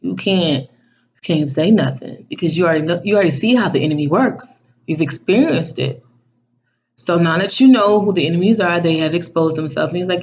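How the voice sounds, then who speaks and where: A woman talks in a lively, slangy way in a casual faith vlog, often breaking into laughter. Her voice sits low for a woman, and the recording is dull and muffled. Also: fairly quick. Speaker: vlog host.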